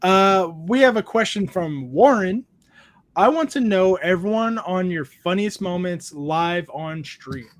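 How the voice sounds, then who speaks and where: A man with a notably high speaking voice hosts a relaxed card-collecting chat. He tells his stories animatedly and lifts his voice to act out what others said. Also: measured pace. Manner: animated, acts out quotes with a raised voice. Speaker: podcast host. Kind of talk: casual chat, storytelling.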